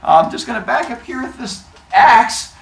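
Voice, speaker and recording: A woman's voice: on the high side, lively intonation, normal speed, creaky, far from the mic, pitched above the performer's own voice. A woman voicing an awkward, matter-of-fact male inventor god who hesitantly explains his strange plans. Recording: roomy echo, faint ambience.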